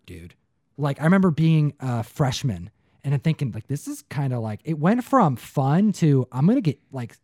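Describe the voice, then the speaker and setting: A young man co-hosting a casual chat, telling stories in an animated way, often slipping into put-on voices and saying "dude" a lot. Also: medium pitch, no echo, studio quality. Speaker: podcast co-host.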